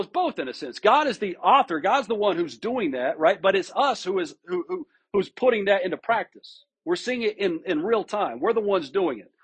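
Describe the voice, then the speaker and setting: A man with a fairly high voice preaches in a relaxed, conversational way. His tone is husky and a little breathy. He often restarts his phrases and checks in with the listeners. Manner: informal, with frequent restarts and rhetorical "right?". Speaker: pastor. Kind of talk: conversational sermon.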